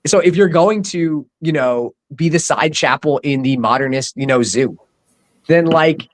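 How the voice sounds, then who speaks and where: A man's voice: a little high, unhurried, rough recording. A man co-hosting a casual podcast, rambling with many fillers and frequent laughs. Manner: rambling, lots of "like" and "you know", laughs often. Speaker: podcast co-host, doctor.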